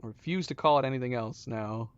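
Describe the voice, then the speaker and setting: A man playing a puzzle game and commenting as he goes, mumbling to himself and then breaking into loud surprised outbursts. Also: mid-range voice, smooth, dry recording. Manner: excitable, quick swings between mumbling and loud exclaims. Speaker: gaming channel host. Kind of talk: let's play commentary. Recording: dull lo-fi sound.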